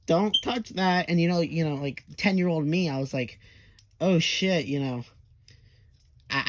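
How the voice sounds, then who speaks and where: A man's voice: on the high side, darkish tone, no room sound. A young man telling an absurd comedic story, rambling, with lots of fillers and swearing. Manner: absurd tall tale told half-seriously.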